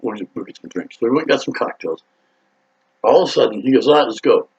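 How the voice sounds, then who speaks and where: A man telling a rambling story in a casual, excitable, profane way, acting out quotes loudly. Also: fairly low pitch, vocal fry, breathy edge, highs cut off. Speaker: rock singer telling a story.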